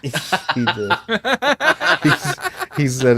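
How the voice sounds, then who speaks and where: Low-voiced man telling a story, joking. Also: moderate pace. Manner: laughs often, jokey asides. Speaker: podcast host. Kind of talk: casual storytelling chat.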